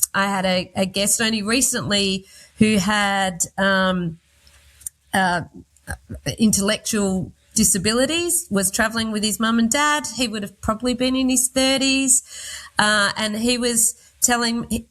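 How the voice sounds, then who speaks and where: A woman, a train hostess telling anecdotes about her guests in an interview, with many restarts. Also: medium pitch. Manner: warm anecdotal storytelling with frequent restarts. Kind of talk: storytelling in an interview.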